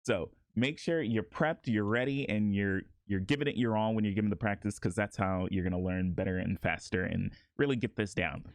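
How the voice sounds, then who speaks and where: A man's voice: fairly low pitch, fairly quick, hardly any pauses, no room sound. Laid-back man giving a voice tutorial. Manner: laid-back, rambling with many restarts and laughs. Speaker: voice acting tutor. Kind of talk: casual voice tutorial.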